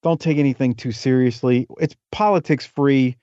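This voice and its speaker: A man chats as a guest on a podcast, rolling from one story to the next with jokey asides. His voice sits at an ordinary pitch. The audio is dry and slightly dull, like lo-fi podcast sound. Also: moderate pace, dark tone, dry recording. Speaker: podcast guest, wrestling historian. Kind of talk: casual interview chat.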